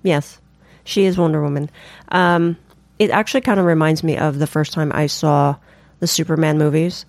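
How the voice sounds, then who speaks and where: A woman with a deep, steady voice and no echo co-hosts a podcast in casual chat. She's upbeat, leads the segments, and reacts quickly.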